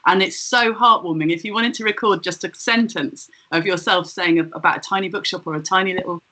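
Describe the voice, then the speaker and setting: Bright, chatty woman. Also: lowish voice, fairly even intonation, poor audio. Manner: quick, chatty, laughing asides. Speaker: guest comedian. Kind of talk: casual video-call chat.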